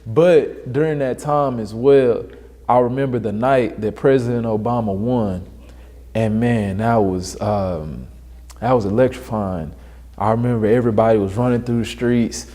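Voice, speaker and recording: A young man from Dallas, a guest telling animated stories in a casual interview and acting out the voices he quotes. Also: mid-range voice, moderate pace. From Dallas, Texas.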